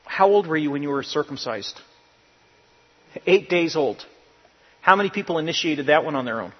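A pastor with a high, somewhat husky voice preaches with emphatic force. His words ring out in a big reverberant church, captured on a dull, lo-fi recording. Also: expressive, moderate pace. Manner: emphatic, rising to loud bursts, quoting people in character. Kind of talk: sermon.

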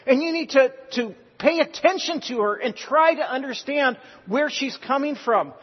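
A man's voice: very high-pitched, animated, normal speed. A man preaching a sermon in an earnest, exhorting way with joking asides. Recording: reverberant hall, dull lo-fi sound.

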